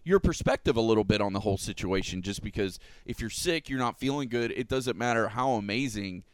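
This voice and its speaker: A man chatting casually on a podcast, telling animated stories and swearing freely. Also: on the low side, fairly quick, dry recording. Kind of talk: casual chat.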